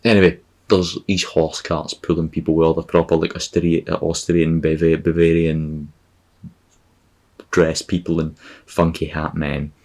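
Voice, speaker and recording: A man's voice: rumbling low, flat delivery, unhurried, darkish tone. A Scottish man hosting a podcast, rambling through a comic, sarcastic and profane travel monologue. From Scotland. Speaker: podcast host.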